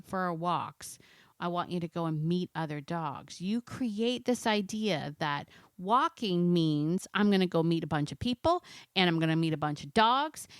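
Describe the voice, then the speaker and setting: A woman hosting a dog-training show, talking with animated, coaxing enthusiasm and acting out little imagined dialogues. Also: lowish voice, no room sound, clean studio sound. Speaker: dog trainer podcast host. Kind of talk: enthusiastic solo talk.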